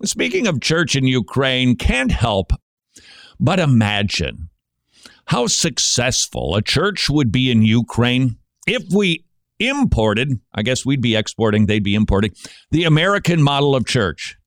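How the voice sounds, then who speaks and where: A man hosting a Christian radio show, giving sarcastic commentary and breaking into mocking shouted impressions. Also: medium pitch, big pitch swings, measured pace, no room sound, clean studio sound.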